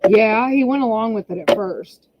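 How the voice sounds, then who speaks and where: A woman's voice: medium pitch, a little slow, heavy background noise. A woman hosting a casual livestream from home, talking in a chatty, exasperated way about her kids. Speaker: channel host. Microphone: camera pointed down. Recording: slightly muffled lo-fi audio.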